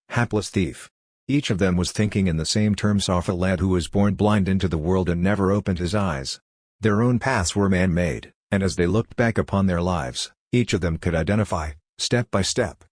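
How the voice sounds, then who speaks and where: A man narrating an audiobook in a measured, even reading style. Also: deep voice, no echo, clean studio sound. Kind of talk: scripted narration.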